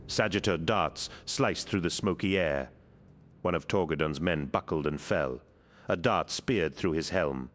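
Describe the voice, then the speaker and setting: A man narrating an action audiobook in a measured, dramatic reading. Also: rumbling low, a bit bright. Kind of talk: scripted narration.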